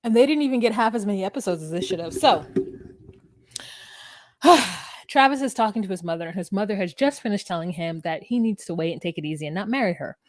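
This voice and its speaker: A woman's voice: medium pitch, fast talker. Woman co-host retelling scenes. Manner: storytelling, retells scenes in a relaxed, joking way. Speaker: podcast co-host. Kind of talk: casual recap chat.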